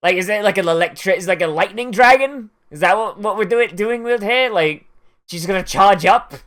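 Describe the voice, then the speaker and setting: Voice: medium pitch, brisk, fairly bright tone. An anime reaction host giving casual watch-along commentary, rambling with lots of "like" fillers. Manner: rambling, filler-heavy "like" talk with laughs.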